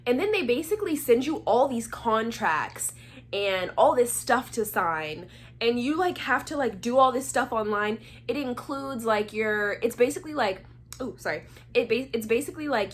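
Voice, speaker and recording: A woman's voice: on the high side, normal speed. A young woman from Atlanta, Georgia telling a story in a casual, chatty vlog and acting out the voices of the people in it. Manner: chatty, animated, acts out quoted voices. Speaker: vlogger.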